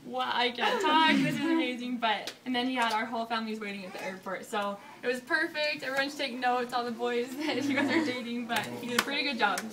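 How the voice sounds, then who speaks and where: A young woman telling a story casually to an audience, bubbly and animated, laughing often. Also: a little high, quick pace, few pauses, distant mic, a loud crowd. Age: young adult. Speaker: newly engaged college student.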